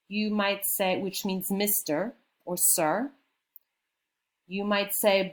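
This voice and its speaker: Slow-talking woman teaching a class. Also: mid-range voice, fairly even intonation. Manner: patient, explains step by step with check-ins. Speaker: French teacher. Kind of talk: classroom lesson.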